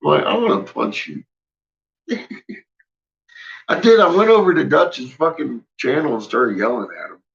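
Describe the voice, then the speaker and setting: A man's voice: on the high side, big pitch swings, a little slow, gravelly, long pauses, a bit bright, muffled recording. A man hosting a casual livestream, ranting with lots of swearing and frequent laughter. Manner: profane, laughs often, ranting. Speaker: livestream host. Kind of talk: casual rambling livestream talk.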